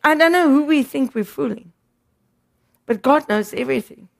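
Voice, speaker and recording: A woman's voice: sits high, moderate pace, gravelly. A woman preaching a sermon, emphatic and repeating words for stress.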